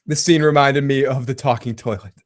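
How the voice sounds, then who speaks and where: A man hosting a casual show that recaps a TV episode, excitable and profane, laughing often as he retells scenes and reads out viewer comments. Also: mid-range voice, fairly quick. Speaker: podcast host reviewing a TV episode.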